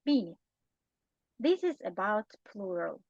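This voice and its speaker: A woman's voice: medium pitch, big pitch swings, slow, gravelly, darkish tone, no echo, highs cut off. A woman with a Romanian accent teaching a grammar lesson, explaining patiently and often checking in with short tag questions. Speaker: language teacher.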